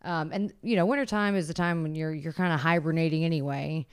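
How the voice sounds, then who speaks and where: Low, smooth-voiced woman esthetician. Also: fairly quick. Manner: relaxed, explanatory, with frequent um fillers. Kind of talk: casual chat about skin treatments.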